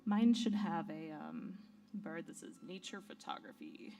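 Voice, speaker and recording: A woman's voice: lowish voice, wildly swooping pitch, unhurried, dark tone. An American woman who works as a photography guide, giving a friendly talk at a conference. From United States. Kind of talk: conference presentation. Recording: voice from a distance off the mic.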